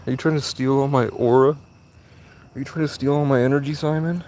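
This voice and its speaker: A man's voice: mid-range voice, steady tone, normal speed, a little mellow. A man with an ordinary mid-range voice banters with a cat in a loose, teasing way, slipping into crude jokes and mock-mystical talk. He is outdoors at night on a work break, speaking into a phone, with crickets and a faint hiss behind him. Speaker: livestreamer. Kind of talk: casual live stream, talking to a cat.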